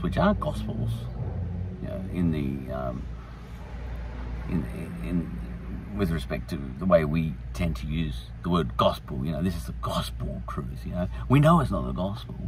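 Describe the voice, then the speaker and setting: A man's voice: sits low, far from the mic, background noise. A man hosting a podcast, rambling through a casual, irreverent monologue. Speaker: podcast host.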